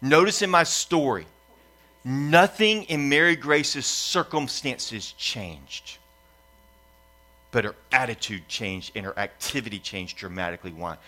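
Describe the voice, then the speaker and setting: A man's voice: medium pitch, measured pace, sharp tone. A middle-aged pastor telling a family story in a sermon, acting out voices and building his points in repeated lists. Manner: repetitive preaching cadence, builds in lists.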